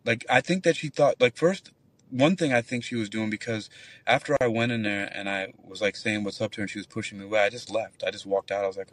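A man's voice: fairly low pitch, quick pace, dry recording, far from the mic. A man who works as a nightclub bouncer, telling a long, rambling, profane story in casual call-in chat. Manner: rambling, profane, animated retelling.

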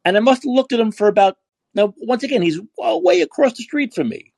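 Man podcast host, husky voice, lively swooping pitch, ranting, profane, dry close sound. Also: fairly quick, no echo. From New York. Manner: ranting, profane, repeats himself. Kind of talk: call-in podcast monologue. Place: San Francisco.

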